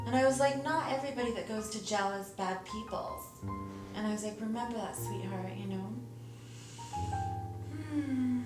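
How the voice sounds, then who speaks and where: A woman who runs an escort agency speaks candidly on camera for a documentary, telling her stories casually and swearing freely. Her voice is fairly high at normal speed with long pauses, and the sound is roomy with music playing behind her.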